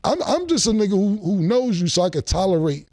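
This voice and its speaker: A man as a guest in a casual interview, telling animated, streetwise stories and laughing between them. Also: sits high, a little fast, no echo, clean studio sound.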